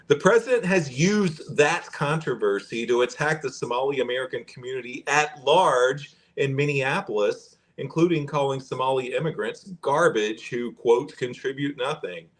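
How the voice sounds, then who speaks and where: A man hosting a podcast, reading fact checks aloud and commenting in a conversational way. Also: medium pitch. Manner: conversational, pauses and restarts while reading aloud. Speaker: podcast host.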